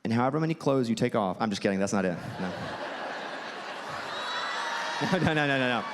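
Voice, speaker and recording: A man with a Southern US accent doing stand-up storytelling for a theater crowd, animated and jumping high when he acts out quotes. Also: rapid-fire, background noise. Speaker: comedian and host. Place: theater stage. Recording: live theater with long reverb and faint ambience.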